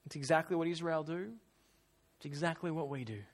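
High-voiced man preaching a sermon. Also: fairly quick. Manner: animated, acts out whiny voices, drops to quiet asides.

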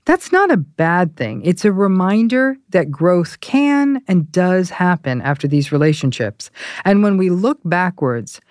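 Calm woman hosting a podcast. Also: fairly low pitch, unhurried, dry recording, studio quality. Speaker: podcast host. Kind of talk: interview hosting.

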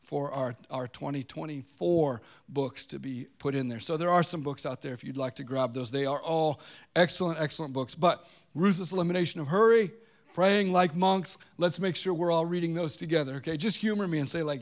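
A man preaching a sermon as pastor to his congregation in a relaxed, joking way, slowing down for the weightier lines. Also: a little high. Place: church gathering with a congregation present.

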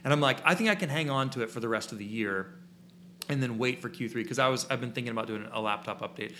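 A man co-hosts a live-streamed photography podcast in a loose, rambling way, with plenty of fillers and restarts. His voice has a bright, forward edge. A faint hum sits behind him in his small studio. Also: mid-range voice, fast talker. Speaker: podcast co-host and photography teacher.

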